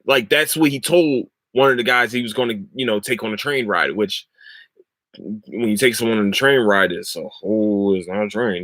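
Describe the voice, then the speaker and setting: Young male podcast host, loose rambling delivery with frequent swearing; bright tone, dry sound. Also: lowish voice, moderate pace, dry recording. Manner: rambling, swears freely, breaks into loud laughter. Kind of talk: casual solo podcast chat about shows.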